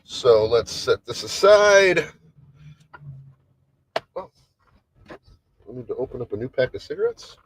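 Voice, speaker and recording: A man's voice: mid-range voice, huge pitch swings, slow pace, pauses often, a little hiss or hum, poor audio. A man hosting a casual solo livestream, chatting in a rambling way with lots of restarts and trailing thoughts. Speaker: livestream host. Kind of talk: casual solo stream chat.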